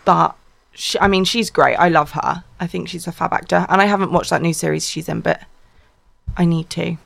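A woman's voice: fairly low pitch, steady tone, moderate pace, creaky, fairly bright tone, dry recording. A woman co-hosting a local radio show, chatting animatedly. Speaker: radio co-host. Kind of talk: casual radio chat.

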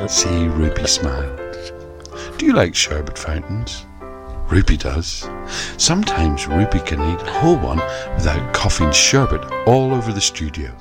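A man's voice: very deep voice, very animated, normal speed. A male radio host narrating a parody children's story in a sing-song, innuendo-laden reading. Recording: music bed under the voice.

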